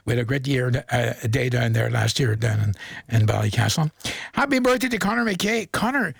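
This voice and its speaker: A man with a Northern Irish accent presenting a radio request show, chatty and rambling as he reads out shout-outs and chuckles between them. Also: medium pitch, animated, moderate pace, vocal fry, husky, no room sound.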